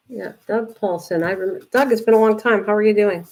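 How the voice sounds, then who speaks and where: An older woman hosting a live crafting stream, greeting viewers by name and muttering quietly to herself as she works. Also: mid-range voice, brisk, few pauses, a little hiss or hum. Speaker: craft livestream host.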